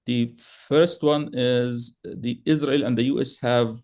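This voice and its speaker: A man's voice: medium pitch, slow pace. A man giving political commentary on a podcast, emphatic and at times heated, with frequent fillers and restarts. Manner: emphatic, grows heated and animated. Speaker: podcast guest analyst.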